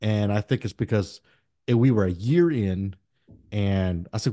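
A man's voice: fairly low pitch, unhurried, no room sound, studio quality. Profane, laughing male podcast host. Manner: profane, laughing, animated storyteller. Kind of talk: casual chat.

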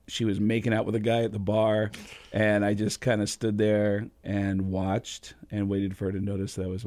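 Guy telling a wild story on a podcast, lively, voice shoots up when he gets excited, dry mic. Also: dry recording. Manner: animated, jumps into high excited voices when quoting people. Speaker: stand-up comedian, guest. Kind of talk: casual storytelling.

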